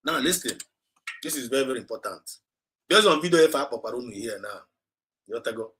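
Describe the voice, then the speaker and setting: A man's voice: mid-range voice, expressive, brisk, a bit bright, poor audio. A man with a Nigerian accent hosting a livestream, speaking urgently and repetitively, mixing Igbo and English mid-sentence as he exhorts his listeners. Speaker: activist livestream host. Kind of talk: impassioned livestream address.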